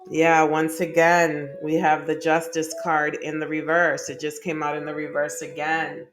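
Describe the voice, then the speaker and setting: A woman's voice: low voice, flat delivery, unhurried, soft background music. A woman doing a casual tarot reading to camera, chatty and emphatic, often laughing. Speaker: tarot reader.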